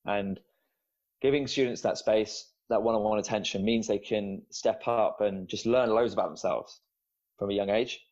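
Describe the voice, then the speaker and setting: A man's voice: lowish voice, steady tone, normal speed, a little mellow. A man who is a former teacher and now a student coach, a podcast guest telling his personal story in a candid, emotional way with some casual swearing. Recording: dull lo-fi sound.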